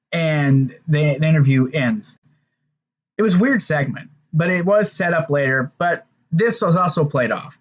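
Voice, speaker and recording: A man's voice: fairly high pitch, muffled recording. A man casually recapping and reviewing an old wrestling show, rambling conversationally with fillers and restarts.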